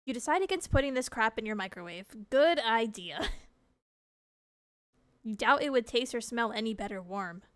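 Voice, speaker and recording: A woman's voice: on the high side, expressive, moderate pace, long pauses, a bit bright, smooth, no echo. A woman streamer reading a game's text aloud, laughing and reacting with disgust between lines.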